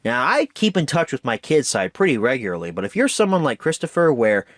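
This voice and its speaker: A man's voice: medium pitch, fairly quick, dry recording, studio quality. A man giving a casual, enthusiastic film review with a few stumbles. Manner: enthusiastic, lively, occasional stumbles. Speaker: movie reviewer.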